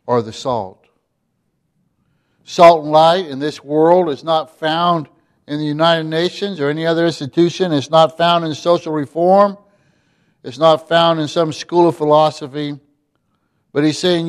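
A man delivers a sermon in a somewhat high voice. He preaches emphatically, sinking to quiet lines before rising loud again. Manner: emphatic, drops to quiet then rises loud.

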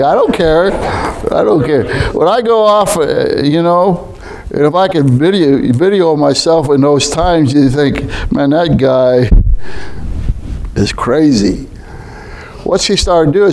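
Slow, folksy male preacher. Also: a little high, darkish tone, slight background noise. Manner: folksy, conversational preaching with rhetorical questions. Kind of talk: sermon.

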